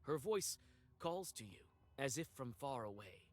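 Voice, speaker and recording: A man narrating a dark story in second person in a measured, atmospheric manner. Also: mid-range voice, sing-song.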